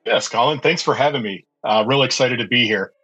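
Forceful, husky middle-aged man. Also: mid-range voice, a little fast, muffled recording, faint music behind. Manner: chatty, anecdotal, with many fillers and restarts. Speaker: podcast guest, pet care business owner. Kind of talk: casual storytelling interview.

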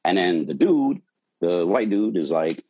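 A man's voice: low voice, a little slow, husky, highs cut off. A man, a bartender, telling a wild story from his shift in a casual, profane way, acting out quotes. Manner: animated, profane, acts out quotes.

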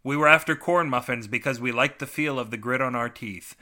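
A man hosting a comic podcast and reading his own short story, full of sardonic, self-mocking deadpan asides. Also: mid-range voice, a little fast.

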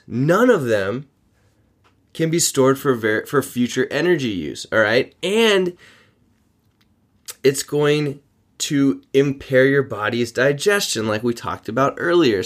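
A man hosting a fitness podcast, talking informally with joking asides and quick self-corrections. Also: medium pitch. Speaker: podcast host. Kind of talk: casual fitness podcast monologue.

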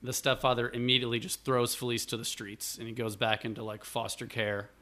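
A man from Buffalo, New York, telling a family story in casual chat as the guest, lively and rambling, acting out quotes along the way. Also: medium pitch, brisk.

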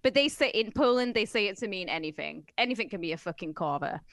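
An English woman trading stories on a podcast, her pitch leaping about as she talks. The sound is close and dry, with no room around her. She is playful and quick to laugh. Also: expressive, fairly bright tone, no room sound. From England. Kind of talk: casual podcast chat.

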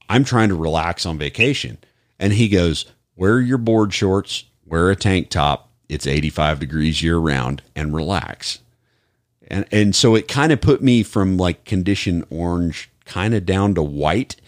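Deep-voiced American cop telling stories. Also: male voice, no room sound, studio quality. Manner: rambling, many restarts. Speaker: podcast host, police officer. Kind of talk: casual chat, storytelling.

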